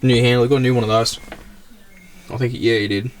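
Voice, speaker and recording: Young aussie bloke rambling through his classic car on a handheld cam, middling pitch, chatty and laughing. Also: level tone, a little fast. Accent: Australian. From Australia. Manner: rambling and chatty, loses words, laughs often. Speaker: car channel host. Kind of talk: casual car walkaround vlog. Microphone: handheld camera mic.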